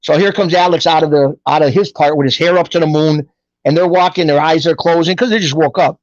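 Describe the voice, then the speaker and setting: Animated New man telling stories. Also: a little high, brisk, dry recording, highs cut off. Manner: animated storyteller who acts out quoted voices. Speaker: guest telling his life story. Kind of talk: casual storytelling.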